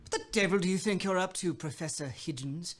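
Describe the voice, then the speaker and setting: An actor playing a snobbish upper-crust British gentleman in an audio drama, with a clipped, put-on posh British accent. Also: sits high, a little fast, natural voice. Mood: haughty. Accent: put-on posh British received pronunciation. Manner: clipped, haughty delivery. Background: music.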